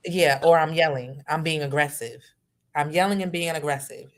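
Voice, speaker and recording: Low-voiced woman, passionate co-host. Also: fairly even intonation, normal speed. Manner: passionate, emphatic, speaks up with rising intensity. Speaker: podcast co-host. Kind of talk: casual chat.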